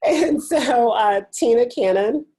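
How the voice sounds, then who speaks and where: A woman's voice: a little high, lively intonation, slow pace, warm tone, slightly rough, rough recording. Southern US woman moderating a webinar. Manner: hesitant, many fillers, apologetic. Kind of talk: introducing panelists. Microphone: video call.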